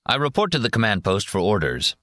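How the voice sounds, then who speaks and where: A man narrating a first-person war memoir in a measured, plain reading voice. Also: fairly low pitch, very animated, pushed and bright, no room sound, clean studio sound. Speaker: audiobook narrator.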